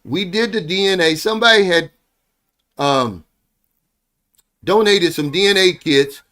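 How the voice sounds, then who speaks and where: Man, high-pitched voice, middle-aged, rambling casual monologue, heartfelt, keeps saying "man". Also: unhurried, sharp tone. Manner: rambling storytelling, ends many phrases with "man"; heartfelt, earnest. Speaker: vlogger living abroad.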